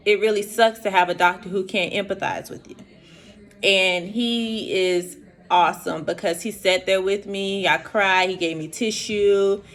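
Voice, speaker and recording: A woman's voice: medium pitch, fairly bright tone. A young woman tells viewers her personal story in an earnest, emotional vlog, speaking to them directly. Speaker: vlogger sharing her diagnosis.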